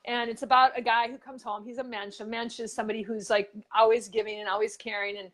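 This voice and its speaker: A woman co-hosting a casual motivational show, her voice sitting a touch higher than most. She rambles through stories and pitches, full of fillers and restarts. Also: level tone, fast talker, a bit bright. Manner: chatty storyteller, many fillers and restarts.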